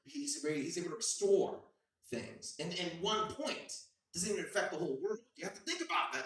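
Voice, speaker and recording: A man's voice: high-pitched, expressive, a little fast. Rambling stand-up man, far and echoey. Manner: loose, rambling, slangy delivery with sudden shouted bits. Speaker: stand-up comedian. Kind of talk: open-mic stand-up set.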